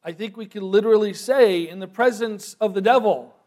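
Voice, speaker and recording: A man preaching a sermon, moving from quiet, thoughtful asides to loud, emphatic proclamation. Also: high-pitched, fairly quick.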